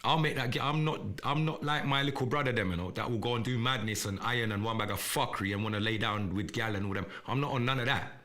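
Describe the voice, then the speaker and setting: Defiant, profane man with a sharp voice. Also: medium pitch, fast. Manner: profane, defiant, repetitive and threatening. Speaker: live podcast host. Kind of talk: confrontational livestream rant.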